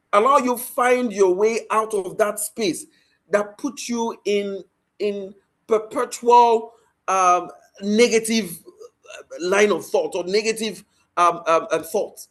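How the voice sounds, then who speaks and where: High-voiced man giving a motivational talk. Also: fairly bright tone. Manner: emphatic, repeats key lines and checks in with "right?". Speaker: facilitator.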